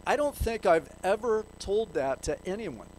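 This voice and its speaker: A man's voice: high-pitched, very animated, moderate pace, darkish tone, slight background noise, poor audio. A man preaching a sermon in a church, reading scripture aloud and putting questions to the congregation. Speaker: pastor.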